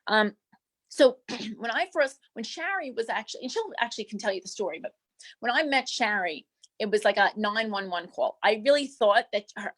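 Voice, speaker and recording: A woman's voice: mid-range voice, a bit bright. A comic actress playing a flamboyant female manicurist to Hollywood stars, rambling through breezy gossip and calling everyone darling and doll. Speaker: guest. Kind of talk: improvised comedy character interview.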